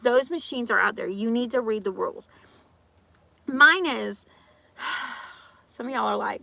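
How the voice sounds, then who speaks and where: Woman, vlogger, casual rant, higher voice, dry close sound. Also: vocal fry, dry recording. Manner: animated, ranting, acts out quoted people; talks fast with restarts and repeats. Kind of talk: casual chat.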